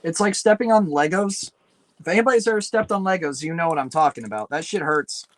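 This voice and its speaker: A man's voice: high-pitched, lively intonation, fast talker, poor audio. A man streaming late at night while building a PC, muttering, swearing and rambling to himself as he works. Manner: rambling, self-deprecating. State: tired, up late. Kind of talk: casual livestream chat while building a PC.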